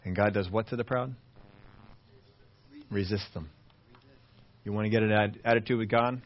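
A man's voice: lowish voice, moderate pace, long pauses. A man preaching a sermon to his congregation, asking rhetorical questions and answering them. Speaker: pastor. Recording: dull, dry lo-fi sermon audio.

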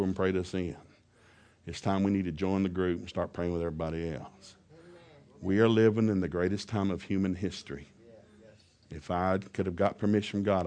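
A man preaching a sermon, telling a personal story in a lively, humorous way. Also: low-pitched.

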